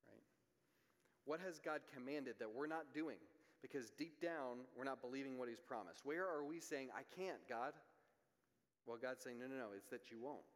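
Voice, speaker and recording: Earnest male preacher in a reverberant hall. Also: mid-range voice. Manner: earnest, builds intensity on key points, drops to quiet asides. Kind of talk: sermon.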